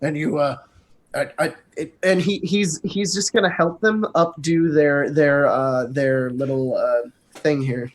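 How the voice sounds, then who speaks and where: A man playing his character in a tabletop game, telling what his bard does in a halting way with repeated words. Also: fairly high pitch, fairly even intonation. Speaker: player.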